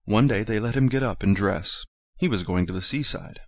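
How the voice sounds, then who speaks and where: Low-voiced man reading a storybook. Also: normal speed, gravelly, dry recording, clean studio sound. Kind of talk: storybook read-aloud.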